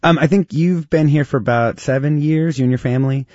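Male radio host, playful, animated delivery, dry slightly muffled sound. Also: on the high side, a little fast, dry recording. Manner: animated and playful, many fillers. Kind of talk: radio interview.

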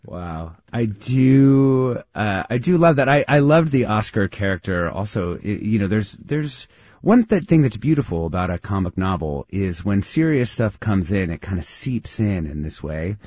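Radio host guy, husky low voice, talks thoughtful with lots of restarts, kinda muffled dry studio sound. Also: big pitch swings, normal speed, darkish tone, no room sound. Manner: thoughtful, hesitant, many restarts. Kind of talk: public radio interview.

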